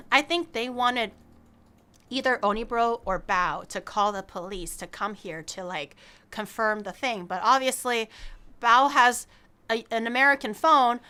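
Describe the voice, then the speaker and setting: A young woman streamer telling a story in animated, casual fashion, swearing freely. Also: fairly high pitch, clear, resonant tone.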